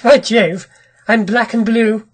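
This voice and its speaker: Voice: mid-range voice, fairly even intonation, slow, breathy edge. A narrator voicing an uneasy young artist. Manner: uneasy, forced laughter. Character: nervous young male artist. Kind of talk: audiobook character reading.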